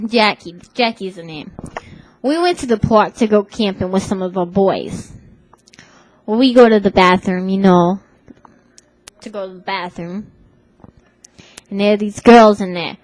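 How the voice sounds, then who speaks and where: A woman's voice: medium pitch, measured pace, pauses often, a little mellow, rough recording. A woman telling a rambling comic story in casual chat, full of fillers. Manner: rambling, lots of "like" and "you know".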